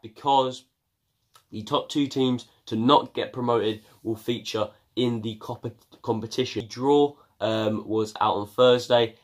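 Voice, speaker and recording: A young man from England giving a casual football news roundup on his video channel, chatty and full of ums and uhs. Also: medium pitch. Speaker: football vlogger.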